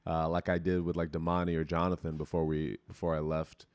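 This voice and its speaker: A man's voice: deep voice, level tone, a little fast, darkish tone, clean tone, dry recording. A young man hosting a podcast, chatting candidly and rambling with casual swearing into a close mic. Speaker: podcast host. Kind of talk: casual chat.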